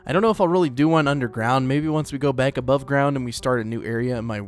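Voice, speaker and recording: Guy chatting thru his let's play, rambly, mid pitch, soft music in the background. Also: quick pace. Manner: rambling, chatty, lots of fillers and laughs. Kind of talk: casual gameplay commentary.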